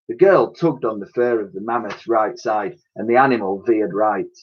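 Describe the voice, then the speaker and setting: A male teacher reading a children's storybook aloud in a lively, expressive way. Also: lowish voice, normal speed, slightly rough, lo-fi sound.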